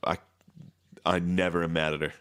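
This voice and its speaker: Deep-voiced young man, laid-back. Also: level tone, moderate pace, a bit bright, clean tone. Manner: laid-back, wry, breaks into squeaky mock voices. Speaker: podcast co-host. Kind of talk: casual chat.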